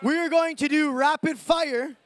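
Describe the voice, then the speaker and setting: A man speaking on stage to a crowd at a ministry event, hyped and preachy, firing off quick asides. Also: very high-pitched, fairly even intonation, fairly bright tone, slight background noise. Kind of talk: energetic stage talk to a crowd.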